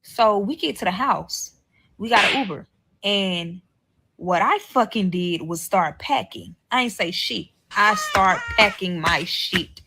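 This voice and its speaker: A woman's voice: medium pitch, unhurried, vocal fry, bright, forceful tone, husky, low-quality recording. A woman telling a personal story in a casual, profane way, acting out each quoted line with animation.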